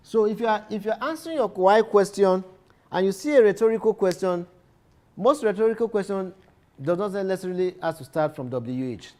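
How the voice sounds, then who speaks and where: Guy teaching lit, a bit higher voice, says stuff twice, lots of restarts. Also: animated, normal speed, darkish tone. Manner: repeats key phrases, restarts sentences often. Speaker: literature teacher. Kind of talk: lecture.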